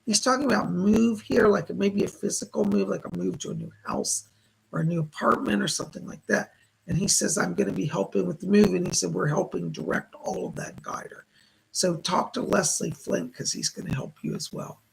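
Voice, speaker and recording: A hoarse man doing live psychic readings, passing on spirit messages as quoted speech. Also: high-pitched, fairly quick, poor audio. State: hoarse, losing his voice. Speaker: psychic medium.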